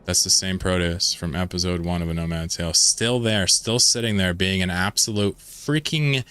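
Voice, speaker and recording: A man's voice: sits low, fairly quick, a bit bright, clear, resonant tone. A man from Pennsylvania with a mid-Atlantic American accent, rambling and joking while streaming a game and reading chat aloud. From Pennsylvania, United States. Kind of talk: casual live-stream chat while gaming.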